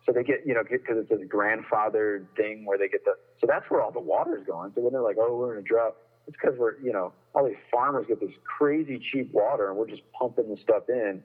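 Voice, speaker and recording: A man's voice: fairly low pitch, fairly quick, hardly any pauses, husky. A man calling in, talking casually and rambling with many restarts as he complains. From Northern California. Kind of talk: casual chat. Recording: tinny phone line.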